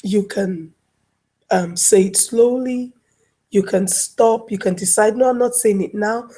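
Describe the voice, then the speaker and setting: A woman's voice: medium pitch, unhurried, mellow. A woman life coach speaking as a guest, telling everyday stories and acting out little scenes. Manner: storytelling, acts out little scenes. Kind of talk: casual interview talk. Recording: online talk show audio.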